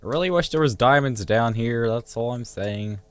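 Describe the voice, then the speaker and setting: A man giving casual gameplay commentary, excitable, grumbling and swearing at the game. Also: medium pitch, moderate pace, no echo. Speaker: gamer.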